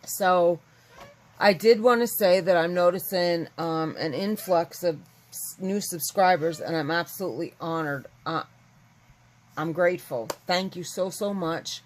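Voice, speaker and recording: A woman's voice: fairly low pitch, measured pace, poor audio. A woman chatting casually to her viewers, rambling and candid. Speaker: vlogger. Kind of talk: casual chat to camera.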